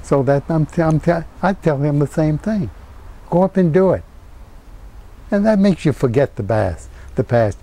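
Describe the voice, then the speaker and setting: A man's voice: on the high side, animated, normal speed, mellow, rough recording. An older man answering in an interview, cheerful and reflective. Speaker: interviewee, former POW pilot.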